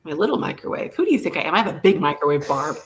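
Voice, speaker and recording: A woman's voice: low voice, sing-song, rapid-fire, slight background noise. A woman hosting a live online vintage auction in a playful, joking, chatty manner. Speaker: live sale host.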